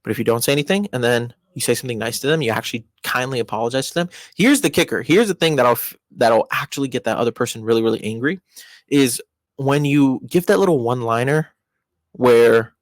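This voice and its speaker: A young man talks through everyday advice in a loose, rambling way, restarting his sentences and leaning on fillers. His voice sits at a middle pitch and jumps up sharply when he stresses a point. The sound is dry and close, with no room echo. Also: lively intonation, quick pace. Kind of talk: casual advice monologue.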